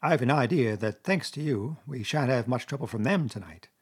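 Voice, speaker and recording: A man voicing a calm, commanding male badger who leads his friends. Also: medium pitch, moderate pace, breathy edge. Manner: placid, commanding.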